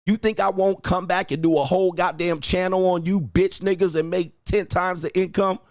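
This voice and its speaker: Man, livestream host, profane ranting, berating insults, fairly high voice, dry close sound. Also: fairly even intonation, normal speed, dry recording. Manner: mocking, repeats taunts. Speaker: livestream host and dating coach. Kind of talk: ranting at live chat.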